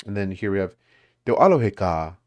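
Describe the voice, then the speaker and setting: A man's voice: low-pitched, very animated, moderate pace, darkish tone. A man leading a language study group, explaining grammar casually with many fillers and restarts. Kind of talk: casual teaching over a call.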